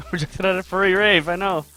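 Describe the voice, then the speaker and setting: Brief: upbeat male streamer, bright voice, chatty and greeting viewers, light music underneath. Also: high voice. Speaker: game dev artist streaming live. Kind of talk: casual live-stream chat while drawing.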